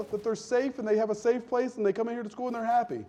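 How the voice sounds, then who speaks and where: A man preaching a sermon in a conversational, humorous way, acting out people in quick voices. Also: very high-pitched, little pitch movement, dark tone. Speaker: pastor.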